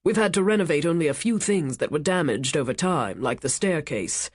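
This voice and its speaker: A woman voicing a commanding, wealthy male ship owner who speaks in a measured, authoritative and evasive way. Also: low voice, expressive, husky, no echo, studio quality.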